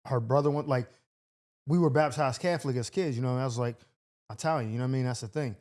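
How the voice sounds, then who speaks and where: A man's voice: medium pitch, fast talker, darkish tone. A young adult man hosting a podcast in casual chat, talking loosely and rambling. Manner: loose, rambling, full of fillers and restarts. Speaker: podcast host.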